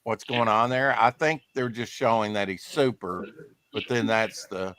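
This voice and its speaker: A man's voice: lowish voice, normal speed, a bit bright, slight background noise. A man hosting a casual podcast about comics, chatty and rambling, reading promos aloud. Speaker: podcast host.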